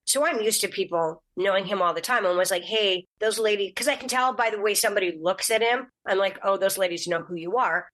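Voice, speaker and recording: A middle-aged woman, a guest actress, telling stories in a casual podcast chat, animated and jumping into high voices for quotes. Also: quick pace, hardly any pauses.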